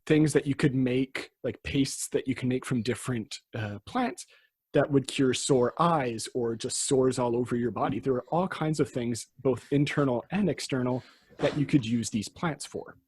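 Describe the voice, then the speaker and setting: Husky-voiced man explaining history. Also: mid-range voice, moderate pace, a little mellow, no echo. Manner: chatty, explanatory, trailing off mid-sentence. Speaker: podcast host. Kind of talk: casual history podcast chat.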